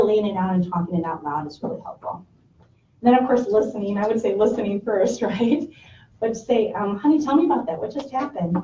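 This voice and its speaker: A woman's voice: mid-range voice, warm tone, a little hiss or hum. A middle-aged woman leading a parenting workshop, talking conversationally to a class of parents. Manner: conversational, with brief acted parent and child quotes. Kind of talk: casual talk to a class of parents. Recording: roomy, distant, muffled room recording.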